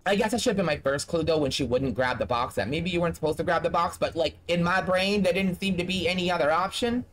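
Man, high-pitched, casual gaming commentary, blunt, talks straight to the characters. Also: fast talker, fairly bright tone. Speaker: gaming streamer. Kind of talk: casual let's-play commentary.

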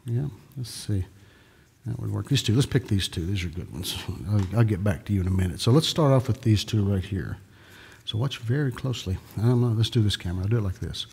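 A man's voice: lowish voice, a little fast, gravelly, a little mellow, husky, big-room sound. A man from Dallas, Texas, performing magic tricks on a live stream, telling corny jokes in loose, rambling patter.

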